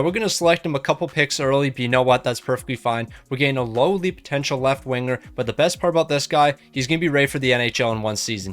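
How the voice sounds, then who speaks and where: A young man casually narrating his hockey video game rebuild with an upbeat, joking manner. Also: medium pitch. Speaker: gaming video host.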